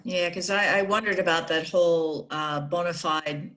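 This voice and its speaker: A woman's voice: on the low side, steady tone, normal speed, fairly bright tone. A woman youth soccer coach chatting on a video call, rambling with frequent restarts and laughing as she talks. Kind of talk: casual video call meeting.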